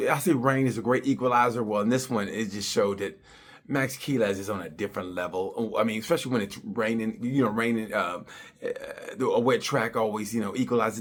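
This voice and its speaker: A man's voice: medium pitch, slightly rough. A man doing a rambling, profane comedic rant as a race reviewer. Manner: rambling, loose, profane, restarts a lot.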